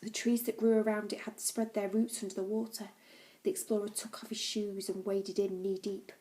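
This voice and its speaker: Female audiobook reader, calm storytelling, mid-pitched mellow voice. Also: moderate pace, rough recording. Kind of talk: reading a novel aloud.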